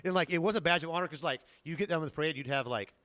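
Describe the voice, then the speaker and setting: A man co-hosting a podcast in a lively casual chat, jumping in and laughing often. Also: on the high side, dry recording. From Savannah, Georgia. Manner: quick, animated talker who laughs often and jumps in. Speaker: podcast co-host.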